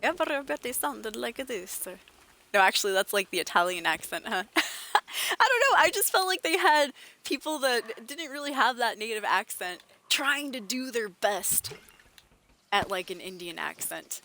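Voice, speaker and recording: A woman's voice: on the high side, big pitch swings, moderate pace, pushed and bright. A woman streaming a game, chatting casually with jokes and sarcastic asides. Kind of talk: casual gameplay chat.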